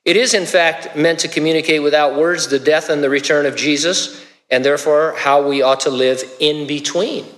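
A man's voice: a little high, fairly even intonation, normal speed, fairly bright tone, in a large hall. A male pastor preaching a sermon in a casual, conversational way, with stammered restarts.

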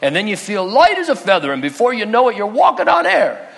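A man's voice: high voice, wildly swooping pitch, brisk, creaky, voice pushed up, full character voice. A man doing a giddy lecturing cartoon owl. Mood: giddy, gushing. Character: wise old male owl from a cartoon, lecturing.

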